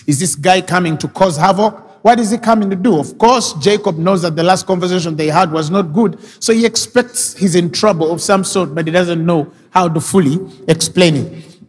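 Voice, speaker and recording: A man's voice: high-pitched, moderate pace. A male pastor preaching a sermon, retelling scripture and driving his points home with rising, emphatic questions. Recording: reverberant hall with faint music.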